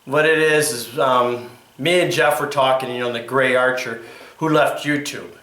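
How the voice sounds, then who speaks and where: A man's voice: medium pitch, fairly even intonation, moderate pace, sharp tone, reverberant. A man hosting an archery video, talking in a chatty, jokey and rambling way. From Connecticut, USA. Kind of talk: casual vlog narration.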